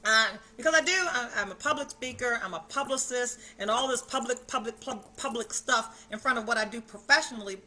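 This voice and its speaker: A woman's voice: fairly high pitch, brisk, hardly any pauses, bright, forceful tone. A woman hosting a self-care livestream from home, chatting casually, greeting viewers by name with big enthusiasm and the odd swear word. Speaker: self-care challenge host. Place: at home, indoors.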